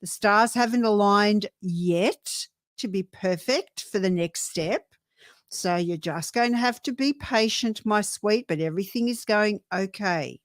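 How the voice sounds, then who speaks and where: Gentle, soothing woman reading tarot. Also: mid-range voice, no room sound, studio quality. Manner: gentle and soothing, drawn-out when reading cards. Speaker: tarot reader and co-host. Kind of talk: live-stream tarot readings.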